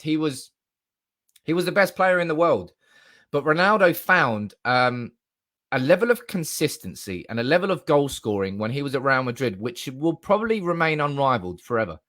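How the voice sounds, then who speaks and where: A young man hosting a live stream, animated and swearing freely while reading out comments from the chat. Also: a little high.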